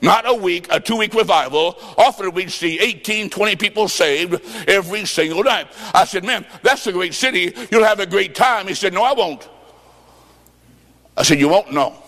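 A fervent evangelist man preaching in a big hall, his fairly high voice ringing out with a long echo. He shouts his points and tells stories in quoted dialogue, sometimes drawing words out almost into song. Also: moderate pace. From Illinois, United States. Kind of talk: revival sermon.

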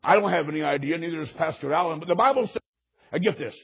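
A man's voice: a little high, fast talker, creaky, breathy edge, dull audio. A man preaching a sermon, telling a story with drama and quoting people in varied voices. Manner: dramatic, quotes others in changing voices.

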